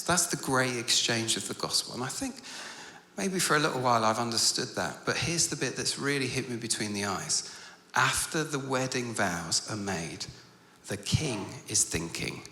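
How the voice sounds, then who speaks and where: A man preaching at a conference, earnest, growing animated as he tells stories. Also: medium pitch, a little hiss or hum. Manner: earnest, turns animated and loud when telling stories. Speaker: conference speaker. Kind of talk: storytelling sermon. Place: large conference hall. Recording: echoey conference hall.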